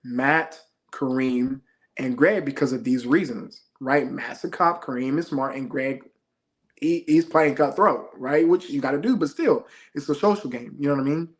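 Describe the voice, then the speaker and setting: A man's voice: mid-range voice, normal speed. A young man, a reality show contestant, telling stories in a laid-back, slangy way during a casual interview.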